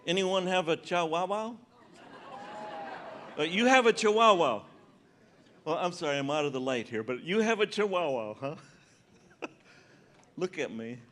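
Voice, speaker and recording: A man's voice: on the high side, animated, unhurried, pauses often, fairly bright tone, slight background noise. Seventies man doing teasing stand-up. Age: 70s. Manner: conversational, teasing audience members. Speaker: comedian. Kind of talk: stand-up comedy with audience banter. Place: large conference hall stage.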